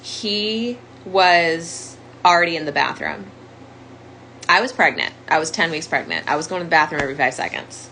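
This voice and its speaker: Candid young woman, bright voice. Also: low-pitched, moderate pace, a little hiss or hum, rough recording. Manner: candid, conversational, many "like" fillers. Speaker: domestic violence survivor sharing her story. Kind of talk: personal storytelling monologue.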